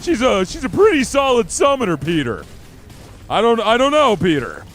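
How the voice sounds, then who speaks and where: A man doing a loud, halting impression of a gruff grown-up cartoon neighbor who keeps saying a name, during a game stream. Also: very high voice, huge pitch swings, pitched above the performer's own voice, heavily acted. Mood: blunt.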